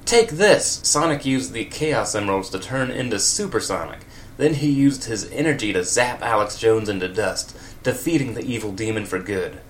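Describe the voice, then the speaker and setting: A man's voice: on the low side, normal speed, a little hiss or hum. A man reading comedic fan fiction aloud, with wry, laughing asides. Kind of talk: comedic read-aloud with commentary.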